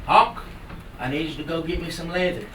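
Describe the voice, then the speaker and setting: A man voicing a wise, commanding male eagle who gives orders in a calm, matter-of-fact way with dry humor. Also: a little high, brisk, slight background noise. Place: live storytelling event. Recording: roomy hall from far off.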